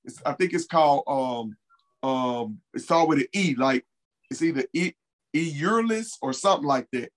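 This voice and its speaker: An interview guest, a man with a fairly high voice, recounts events in loose, casual speech. He is earnest and emphatic and often repeats his key points. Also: lively intonation, moderate pace, low-quality recording. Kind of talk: casual conversational storytelling.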